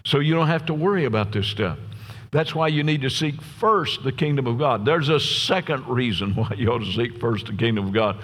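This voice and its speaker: A middle-aged pastor preaches a folksy sermon full of stories and jokes, often asking the crowd "Amen?". His mid-range voice is animated, a little fast and a bit bright, and a large church hall adds long reverb.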